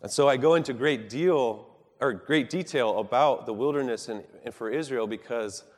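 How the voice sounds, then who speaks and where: A man of medium pitch preaches in a room with a big sound, speaking earnestly and at a measured pace. He climbs in volume to emphasize and lets each thought end softly.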